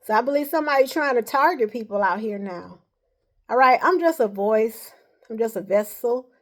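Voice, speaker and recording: A woman talking to camera in a casual vlog, rambling and earnest, often tagging her points with "all right.". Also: medium pitch. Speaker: vlogger.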